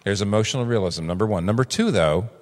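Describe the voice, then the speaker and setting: A man in his sixties preaching a sermon, animated and acting out the voices he quotes. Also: quick pace. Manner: animated, acts out quoted voices with big pitch jumps. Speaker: pastor. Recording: long reverb of a large hall.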